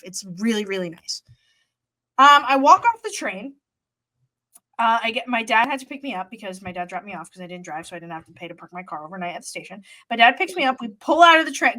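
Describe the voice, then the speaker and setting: This podcast co-host is a young woman spinning a story in relaxed chat, full of energy and profanity as she voices what everyone said. She speaks at a fairly high pitch, and there's no room sound at all.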